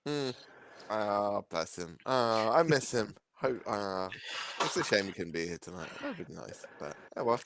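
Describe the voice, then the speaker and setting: A man in a casual live chat, playful and quick with a joke and a laugh. His voice sits low but swings widely and animatedly in pitch. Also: lively intonation, creaky, a bit bright, rough recording. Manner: playful, jokey, laughs a lot. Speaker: guest on a livestream.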